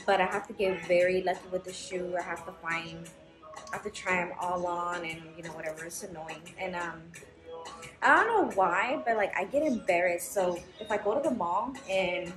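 A woman's voice: fairly low pitch, moderate pace. Frank, foul-mouthed young woman vlogging. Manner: frank, swears freely, chatty storytelling. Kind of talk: casual chat to camera. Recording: roomy echo with background music.

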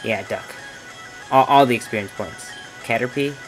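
This young let's play gamer talks at normal speed through his playthrough, cracking jokes and trash-talking game characters with lively pitch changes. Faint music plays behind him, and the audio quality is poor.

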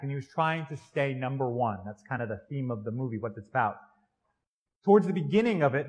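An American man, a priest, giving a conversational Christmas Eve sermon in a church, joking with the congregation. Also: fairly high pitch. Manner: conversational and joking, with tag questions.

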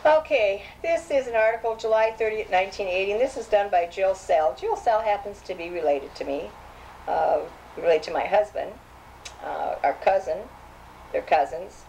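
A woman's voice: on the low side, moderate pace, darkish tone, a little hiss or hum, rough recording. An older woman reminiscing as she reads old clippings aloud, chatty and hesitant, with frequent restarts. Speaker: safety program founder.

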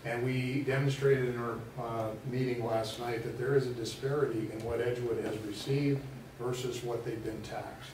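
Man, earnest and halting at public comment, mid pitch, distant and roomy sound. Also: steady tone, darkish tone. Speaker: resident speaking at public comment. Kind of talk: public comment at a school board meeting. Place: large meeting room. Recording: roomy hall, mic at a distance, faint noise.

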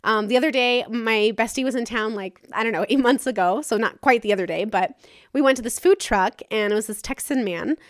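Hosting a podcast of her own, this woman talks candidly and casually by herself, swearing now and then. Her voice sits a little high and moves a bit quickly, captured as clean studio sound without echo.

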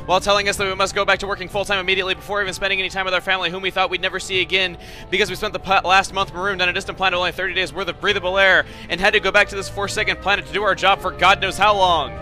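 A young man hosting a let's play, giving joking commentary that bursts into excited yelling. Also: sits high. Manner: animated, joking, quick to yell in excitement. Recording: game music underneath.

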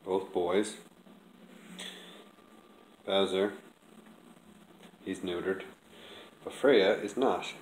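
A man filming his cats at home, calmly explaining, then loudly scolding them with swearing. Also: deep voice, drawn-out words, pauses often. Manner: swings from calm explaining to loud scolding of the cats. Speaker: cat owner filming his pets. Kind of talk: casual home video narration. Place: home room, indoors. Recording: echoey room with faint noise.

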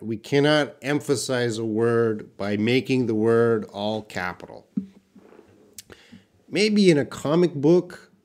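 A man teaching a live online English class, speaking slowly and carefully. His voice sits at an ordinary middle pitch. He reads example sentences aloud and keeps quizzing his viewers.

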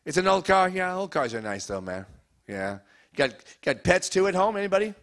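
Stand-up comic, male, high-pitched and bright, quick to rib the crowd. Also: sing-song. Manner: loud, fast-joking, teases the audience. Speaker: stand-up comedian. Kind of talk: stand-up comedy set with crowd work. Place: comedy show before a live audience.

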